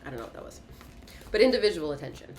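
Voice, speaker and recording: A woman's voice: low-pitched, big pitch swings, racing, a little mellow, a little hiss or hum. A woman giving a casual tarot reading in an emphatic, repetitive way, swearing and laughing often. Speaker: tarot reader.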